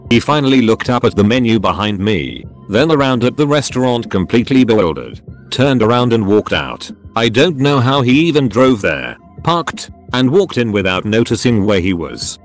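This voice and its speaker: A man giving scripted narration of online stories, reading them aloud in a lively storytelling manner. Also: medium pitch, moderate pace. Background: faint background music.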